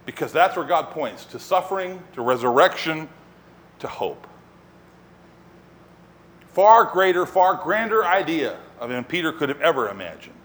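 A man preaching a sermon as pastor, telling the story in an animated way and acting out scenes. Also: on the high side, moderate pace, long pauses.

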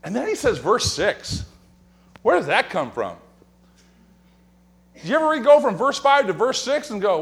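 A male pastor delivers a sermon in a church sanctuary. His voice sits a little high and swings widely in pitch as he tells funny stories and acts out whispered gossip. He talks like a storyteller, building to punchlines. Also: normal speed, vocal fry, long pauses. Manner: animated, joking storyteller who acts out quotes and whispers.

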